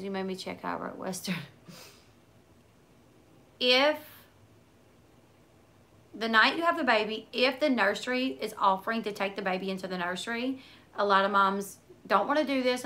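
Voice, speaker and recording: A woman's voice: medium pitch, normal speed, long pauses, sharp tone. A woman in her thirties hosting a casual livestream, chatting with viewers and answering their comments in a loose, rambling way full of likes and asides. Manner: chatty, talks in run-on asides with many likes. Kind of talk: casual chat.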